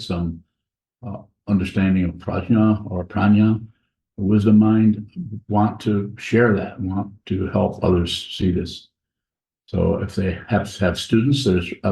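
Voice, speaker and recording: A man giving a Dharma talk as a Buddhist teacher, speaking slowly and haltingly with many pauses and restarts, in a monastery meditation hall. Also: sits low, vocal fry, warm tone. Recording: echoey, dull room recording.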